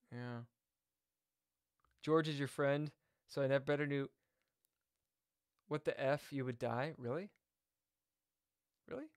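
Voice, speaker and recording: A man's voice: mid-range voice, no room sound, studio quality. A man chatting casually on a live chess stream, reading viewer comments aloud and jumping from topic to topic. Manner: chatty, jumps between topics, reads chat aloud.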